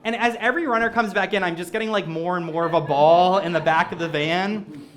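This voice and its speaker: Animated self-mocking male comedic storyteller. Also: high voice, fairly quick. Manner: animated, self-mocking, acts out quoted voices. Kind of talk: stand-up storytelling. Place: stage before a live audience.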